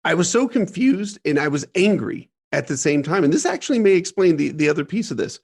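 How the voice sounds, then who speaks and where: Gravelly man telling a painful story. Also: a little high, big pitch swings, fairly quick. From Ohio, USA. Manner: earnest, emphatic, laughs through hard memories. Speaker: podcast guest, entrepreneur. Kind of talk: candid storytelling interview.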